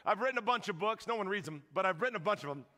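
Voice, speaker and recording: A man preaching a sermon as a pastor, telling a story in an animated, joking way and acting out the lines of the people in it. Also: high-pitched, racing. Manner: animated, joking, acts out quotes. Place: church hall. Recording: long reverb of a large hall.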